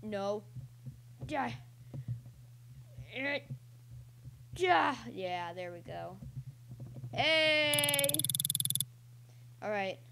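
A young woman casually commentating her own online gameplay as a channel host, rambling and breaking into excited yelps and cheers. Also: mid-range voice, drawn-out words, gravelly, pauses often, slight background noise.

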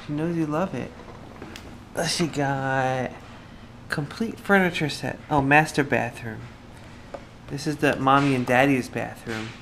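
Man, 30s, daily family vlogger; casual and chatty on a camera mic, steady hum of background noise behind him. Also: medium pitch, unhurried, long pauses. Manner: chatty, upbeat, thinks out loud. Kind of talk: casual vlog talk to camera.

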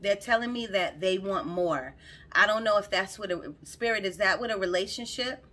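A woman's voice: medium pitch, normal speed, fairly bright tone. A woman giving a casual, rambling tarot reading into her phone, talking straight to her viewers and often repeating herself. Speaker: tarot reader.

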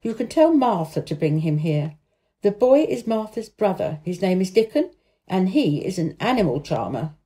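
A woman's voice: mid-range voice, sing-song, normal speed, mellow, close to an everyday voice. Woman doing an imperious spoiled boy. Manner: haughty, lordly commands.

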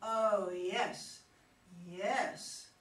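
A woman's voice: mid-range voice, steady tone, extremely slow. A woman reading the part of a sweet, flirty female elf in an amateur read-aloud play, coaxing and drawn out. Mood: seductive. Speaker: reader in a community reader's theater. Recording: roomy hall, mic far off, faint noise.

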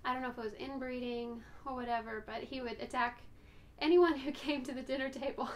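A woman vlogger, out of breath, chats casually to camera about her rescue dogs, rambling affectionately and cooing at them now and then. Her voice is fairly high, with slight background noise.

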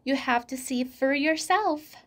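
A woman voicing an eager, bossy and curious young girl in a storybook reading, bright and urgent. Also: high voice, a little slow, pitched above the performer's own voice.

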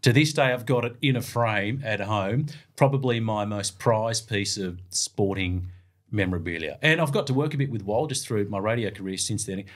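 A man's voice: on the low side, normal speed. A middle-aged man with an Australian accent, a radio sports broadcaster telling casual anecdotes as a guest. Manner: lively yarn-spinning, plays out the voices of others.

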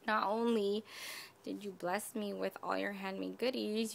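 Effusive woman with a gravelly edge. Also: medium pitch, steady tone, a little slow. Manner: gushing, effusive, talks to viewers. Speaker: craft vlogger. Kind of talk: casual unboxing vlog.

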